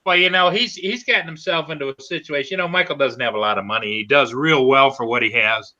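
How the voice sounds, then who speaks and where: A man's voice: mid-range voice, quick pace, dull audio. A man chatting about flying drones, telling stories and acting out what others said. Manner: chatty, storytelling, animated quoting. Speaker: drone pilot co-host. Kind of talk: casual group chat.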